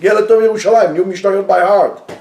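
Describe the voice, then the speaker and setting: High-voiced animated man teaching Torah. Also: fairly quick, creaky, echoey room. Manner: animated, joking, mixes in Hebrew phrases. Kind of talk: lively Torah class.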